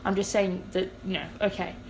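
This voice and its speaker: Young aussie woman chatting on a podcast, lively storyteller, bit of faint hiss behind her. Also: mid-range voice, a little fast, rough recording. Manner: animated, acts out quoted dialogue. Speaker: podcast co-host. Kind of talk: casual storytelling chat.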